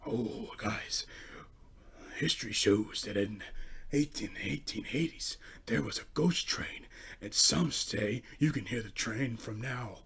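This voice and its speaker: A young man mimicking a train conductor telling a ghost story in a hushed, whispered role-play. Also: mid-range voice, slow, gravelly, slightly rough, voice pushed down, full character voice. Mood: spooky. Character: spooky-voiced male train conductor.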